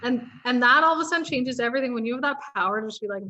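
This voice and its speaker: A woman speaking as a guest in a casual interview, relaxed and laid-back, with many fillers. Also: high-pitched, rapid-fire, few pauses, lo-fi sound.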